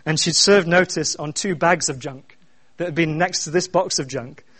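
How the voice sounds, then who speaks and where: Middle-aged pastor with a high voice. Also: male voice, normal speed, breathy edge. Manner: preaching with swells from quiet to loud, repeated refrains. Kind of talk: sermon.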